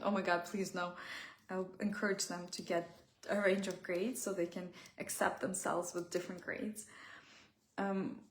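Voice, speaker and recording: Heartfelt woman with a gravelly edge. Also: mid-range voice, reverberant. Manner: heartfelt, pausing to search for words. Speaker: self-help speaker. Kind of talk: reflective personal talk.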